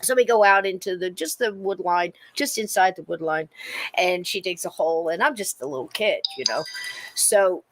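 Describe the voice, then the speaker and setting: A middle-aged woman co-hosting a podcast, telling a personal story in casual chat and acting out the quoted lines in a high, excited voice. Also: normal speed, slight background noise. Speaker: podcast co-host.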